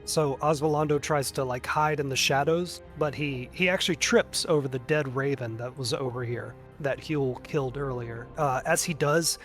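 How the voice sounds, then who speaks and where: A man's voice: medium pitch, normal speed, hardly any pauses, a bit bright, faint music behind. A man narrating a tabletop game as game master, casual, often saying "like". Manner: casual, frequent "like" fillers.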